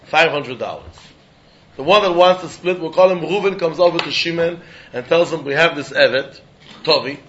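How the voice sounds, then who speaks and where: Man, Talmud class teacher, lilt, fairly high voice, dull lo-fi recording. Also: normal speed, fairly bright tone, a little hiss or hum. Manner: sing-song study-hall explaining, acting out both sides of a deal. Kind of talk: animated Talmud class lecture.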